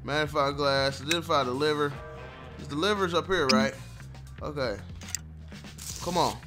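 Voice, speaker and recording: A man giving loud, frustrated gameplay commentary, yelling and trash-talking at the game. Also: fairly high pitch, normal speed, over music. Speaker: gameplay streamer.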